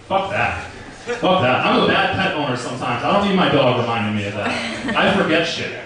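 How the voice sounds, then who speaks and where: A man's voice: a little high, animated, a little fast, far from the mic, a crowd in the background. A young man doing a stand-up comedy set in a club, telling stories in a crude, profane, casual way. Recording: roomy club recording from afar.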